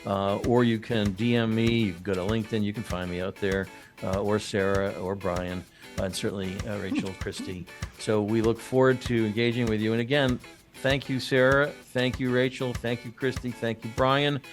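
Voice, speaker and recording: A man's voice: on the low side, fairly even intonation, normal speed, faint music behind. A man hosting a business podcast, chatting casually and joking, with many fillers and restarts. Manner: rambling, jokey, many fillers. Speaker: podcast host.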